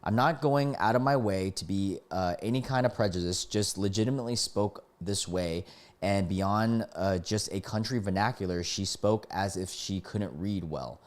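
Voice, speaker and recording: Low-voiced man reading stories on stream. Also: moderate pace. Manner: reactive, breaks off to comment and greet chat. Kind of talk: live-stream story reading with asides.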